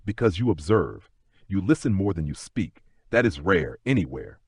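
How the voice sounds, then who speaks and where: A man voicing a reserved, perceptive aristocratic Englishman who speaks in a measured, low and deliberate way. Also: big pitch swings, slightly rough, no echo, studio quality, exaggerated voice. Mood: wry.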